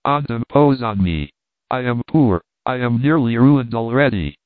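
A man's voice: mid-range voice, unhurried, dry recording, lightly acted. A man voicing a whining, pleading old miserly merchant in a story reading. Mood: wheedling. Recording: dry tinny phone-like sound.

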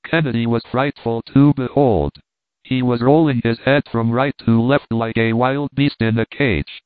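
A man reads an adventure story aloud in a steady, measured way, his pitch in a middle range. The sound is narrow and phone-like, dry with no echo. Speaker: narrator. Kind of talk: audiobook narration.

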